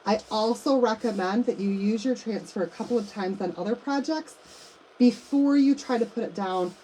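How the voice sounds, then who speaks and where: Middle-aged woman, mellow voice, friendly live craft demo host, faint hum behind. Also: a little high, moderate pace, poor audio. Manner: chatty, addresses viewers as you guys and y'all.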